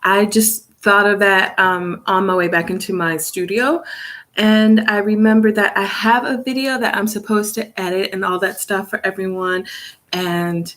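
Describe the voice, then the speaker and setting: A woman's voice: medium pitch, steady tone, normal speed, fairly bright tone. Chatty young woman live-streaming. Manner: chatty and rambling, many fillers, laughs often. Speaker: vlogger, English teacher in South Korea. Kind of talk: casual live-stream chat. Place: her studio, indoors. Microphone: phone camera.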